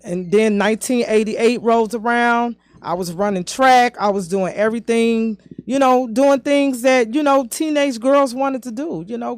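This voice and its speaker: A woman. She is a podcast guest telling a personal story in a halting way, full of "you know" and "um", and she often speeds up and slows down. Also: a little high, no room sound. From southern United States.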